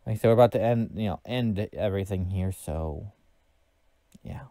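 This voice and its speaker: Man, game streamer, low voice, warm relaxed tone, dry close sound, rambling chatty commentary. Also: moderate pace, no echo. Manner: rambling, thinking aloud with fillers. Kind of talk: casual gameplay commentary.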